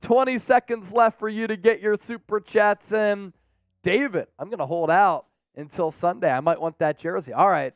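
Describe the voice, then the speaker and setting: Hyped high-voiced sports stream host. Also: male voice, moderate pace, no room sound. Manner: hyped, playful, trash-talking rival fans. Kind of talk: live-stream sports chat reading viewer comments.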